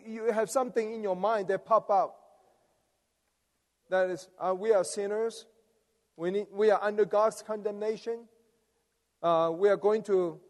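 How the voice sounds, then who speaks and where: High-voiced preacher in a reverberant hall. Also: male voice, a little mellow. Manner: rousing, coaxes the audience to respond. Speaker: preacher leading a conference message. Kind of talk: sermon. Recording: long reverb of a large hall.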